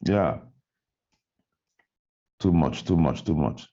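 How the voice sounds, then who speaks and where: A man's voice: rumbling low, lively intonation, takes it slowly, dark tone, dull audio. A man on a video call, giving a fiery, repetitive motivational talk to his team about his business. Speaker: network marketing trainer.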